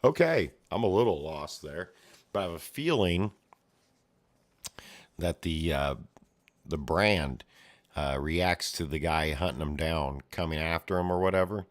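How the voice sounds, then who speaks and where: A low-voiced man chats casually as he pages through a comic, narrating the action in a loose, rambling way. He tosses in his own mouth sound effects and offhand asides as he goes. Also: unhurried, pauses often. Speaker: comic reader and commentator. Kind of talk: casual read-along commentary.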